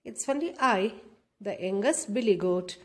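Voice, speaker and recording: A woman reading the part of a tiny, frightened billy goat in a kids' storybook. He pleads and bargains for his life at a mid pitch, in the unforced voice of a storyteller reading aloud. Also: lively intonation, measured pace. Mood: pleading. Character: small frightened young male billy goat.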